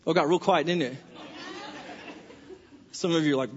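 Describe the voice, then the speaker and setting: A man, a pastor, preaching in a church sanctuary in a lively, conversational way full of rhetorical questions. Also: high-pitched, normal speed, long pauses, a little hiss or hum. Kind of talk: sermon. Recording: dull, husky sound with long hall reverb.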